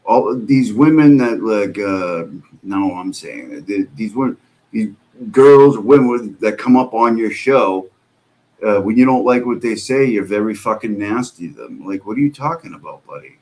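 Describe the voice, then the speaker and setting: A man's voice: fairly low pitch, expressive, normal speed, a little mellow. A man hosting a live stream, reacting to clips with exasperated, sarcastic, profane commentary. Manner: exasperated, sarcastic, swears a lot.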